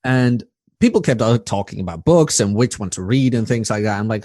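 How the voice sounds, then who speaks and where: A young man from the Netherlands with a Dutch accent in English, a guest chatting and ranting in an animated, casual way. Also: on the low side, normal speed, dry recording, studio quality. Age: young adult. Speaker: podcast guest. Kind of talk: casual chat.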